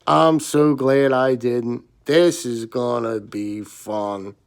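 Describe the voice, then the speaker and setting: Gravelly, slightly hoarse man rambling excitedly. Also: mid-range voice, slow pace. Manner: rambling, excitable, repeats himself. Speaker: gear reviewer. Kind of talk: casual storytelling vlog.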